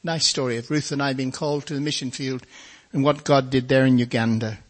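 An older man with a mid-range voice preaches a testimony sermon, speaking briskly with fairly even intonation. In a folksy storytelling style, he recounts his life story and acts out other people's voices.

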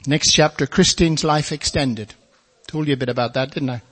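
A man's voice: fairly high pitch, moderate pace, a bit bright. An older man preaching and telling his life story in a folksy storytelling manner, acting out other people's voices. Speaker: preacher giving his testimony. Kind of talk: testimony sermon.

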